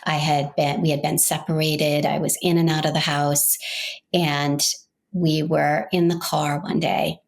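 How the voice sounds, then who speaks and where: Woman podcast host, middle-aged, from Maine, low voice, gravelly, heartfelt personal storytelling. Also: level tone, measured pace. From Maine, United States. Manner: earnest, heartfelt and reflective, with restarts.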